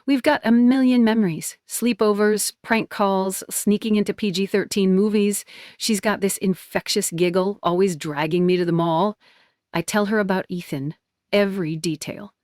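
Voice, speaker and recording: A young woman narrating a personal story in the first person, with a soft, even manner. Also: medium pitch, normal speed, no room sound, clean studio sound.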